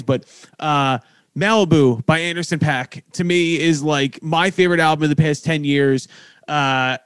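A man's voice: fairly high pitch, clear, resonant tone, no echo. A man hosting a podcast in casual chat, swearing freely and mocking himself with frequent laughs. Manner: profane, self-mocking, laughs often. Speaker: podcast host.

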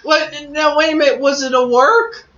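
Excitable high-voiced man, echoey lo-fi. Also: normal speed. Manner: excitable, swears freely, heavy use of "like". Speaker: podcast co-host. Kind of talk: casual chat about pro wrestling. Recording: echoey, muffled lo-fi audio.

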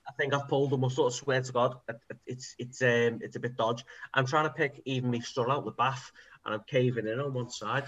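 A man, co-hosting a podcast and telling stories in an animated, sweary way. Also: medium pitch, fairly quick, dull audio. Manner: animated storytelling, swears freely. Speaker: podcast co-host. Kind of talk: casual chat.

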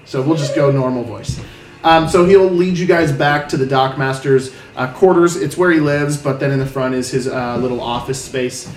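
A man's voice: medium pitch, normal speed, echoey room, distant mic. A man narrating a tabletop game as game master, rambling with many fillers. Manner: rambling, filler-heavy description.

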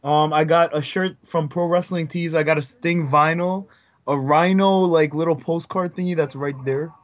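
A man's voice: a little high, fairly even intonation, moderate pace. A man co-hosting a podcast in casual chat, teasing and hesitant, with many ums. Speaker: podcast co-host. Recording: dull lo-fi recording.

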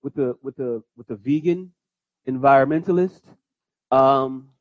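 A man's voice: medium pitch, unhurried, no room sound, phone-quality sound. A man hosting a comedy podcast, telling a story in loose, profane banter and repeating "hey, look" to keep the floor. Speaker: podcast host. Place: studio with a live audience.

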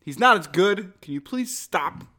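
A man co-hosting a podcast, bantering and joking in an animated, casual way. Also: high-pitched, unhurried. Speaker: co-host and wrestling commentator. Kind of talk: casual chat.

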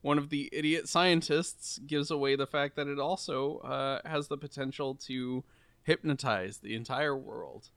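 A man wryly recapping a movie he finds ridiculous, with a bright, crisp, smooth voice. The sound is close and dry, with no room around it. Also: medium pitch, steady tone, a little slow, no echo. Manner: dry, wry plot summarizing. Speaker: podcast co-host. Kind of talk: casual movie review chat.

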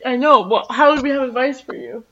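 A woman's voice: high-pitched, a little fast, fairly bright tone, lo-fi sound. A teenage girl on a podcast, teasing her friend in casual chat. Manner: teasing, laughs often. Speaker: podcast guest.

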